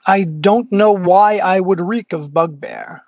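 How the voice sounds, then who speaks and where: A player answers in character, measured and hesitant, choosing evasive words. The voice is mid-pitched and dry with no room sound. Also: darkish tone, dry recording, highs cut off. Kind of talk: in-character tabletop role-play.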